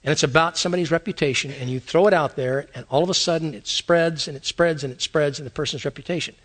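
A man's voice: on the high side, quick pace. A man preaching a conversational sermon, asking his listeners many rhetorical questions. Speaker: pastor.

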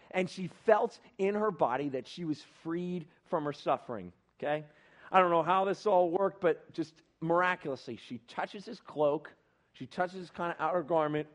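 A young man preaching on a Bible passage in a casual, animated way, acting out the people in the story. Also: sits high. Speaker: pastor.

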